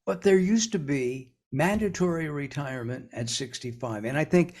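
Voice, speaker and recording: A man hosting a radio talk show, speaking softly with brief questions and show announcements. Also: a little high, moderate pace. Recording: music bed under the voice.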